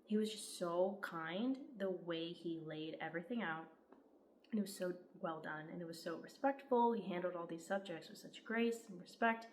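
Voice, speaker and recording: A woman's voice: on the low side, normal speed, a little hiss or hum. A young woman gives an enthusiastic, heartfelt book review, peppered with "like". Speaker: book vlogger. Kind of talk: casual book review vlog.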